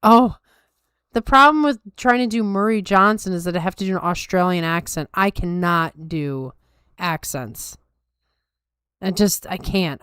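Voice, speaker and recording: A woman's voice: lowish voice, fairly bright tone, clear, resonant tone, dry recording, clean studio sound. A tired woman hosting a podcast, chatting casually and wryly with her viewers. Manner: wry, self-deprecating chatter. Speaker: podcast host. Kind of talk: casual chat with live chat.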